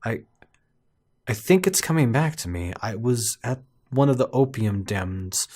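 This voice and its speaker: A man reading out a troubled, shaken investigator from a story game. The delivery is plain and unacted, with a lively pitch that rises and falls. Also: measured pace. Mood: urgent. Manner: reads dialogue aloud, plain voice.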